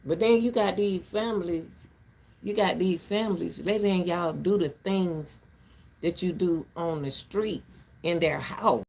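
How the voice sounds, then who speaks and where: A woman's voice: fairly low pitch, unhurried, a little mellow. An older woman ranting casually to her viewers from her back porch, blunt and rambling, breaking into laughter often. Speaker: vlogger.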